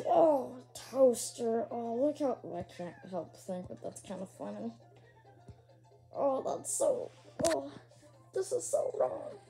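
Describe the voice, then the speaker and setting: A performer voicing Yoshi, a small dinosaur creature, hosting a reaction video and groaning and pleading at each clip, with a slightly rough morning throat. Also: high voice, exaggerated voice. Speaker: reaction channel host.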